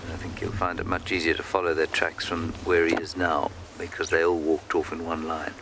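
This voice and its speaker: A man working as a safari guide, giving calm, explanatory live commentary outdoors in the bush. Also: low-pitched, fairly quick. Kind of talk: live game-drive commentary. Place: outdoors in the bush on a game drive. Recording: outdoor ambience noise.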